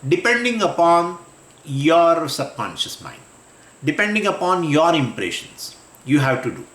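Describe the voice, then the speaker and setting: A man's voice: on the high side, big pitch swings, a little slow, a bit bright. Male Vedanta teacher lecturing in an echoey room. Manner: explanatory, repeats phrases, frequent fillers and restarts. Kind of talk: scriptural lecture.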